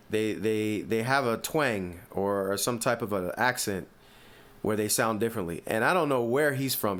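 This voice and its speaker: Hosting a sports podcast, a Northeastern American man with an East Coast accent speaks at a medium pitch. His commentary is lively and opinionated, full of rhetorical questions.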